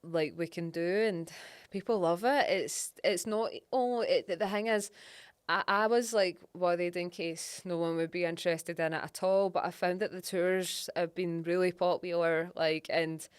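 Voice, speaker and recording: A young Scottish woman hosting a casual podcast chat, talking in an animated storytelling way with frequent laughter. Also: fairly low pitch, moderate pace, clean tone, no room sound, clean studio sound. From Scotland. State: pregnant. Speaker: podcast host and geologist.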